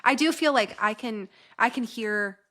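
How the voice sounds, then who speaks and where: A woman's voice: on the high side, normal speed, pushed and bright. A woman co-hosting a podcast in casual chat, chatty and enthusiastic, rambling from thought to thought. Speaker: podcast co-host.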